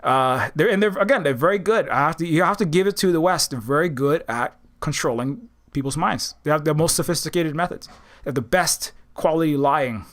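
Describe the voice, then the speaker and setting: A man with a rather high voice delivers a rambling, heated political monologue to his channel's viewers. He stumbles and restarts often and slips into mocking put-on voices. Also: a little fast, fairly bright tone. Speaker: political commentator, channel host.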